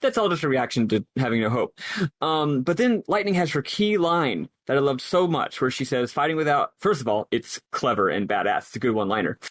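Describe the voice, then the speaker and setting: This is a man co-hosting a podcast, analyzing a game earnestly in a long, rambling way with many restarts as he thinks aloud. His pitch is medium but swings widely, and he talks fairly quickly with a fairly bright tone. The recording is dry.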